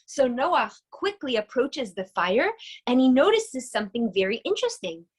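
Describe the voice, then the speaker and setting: Enthusiastic female teacher, fairly high voice, chatty, quizzes the class. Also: sing-song, moderate pace, husky, low-quality recording. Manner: enthusiastic, chatty, asks the audience questions. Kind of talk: casual online lesson.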